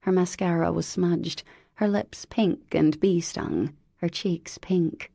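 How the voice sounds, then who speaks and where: Woman narrator for a romance audiobook, mellow and low, wry delivery. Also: fairly even intonation, slow, vocal fry, breathy edge, dry recording, studio quality. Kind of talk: scripted narration.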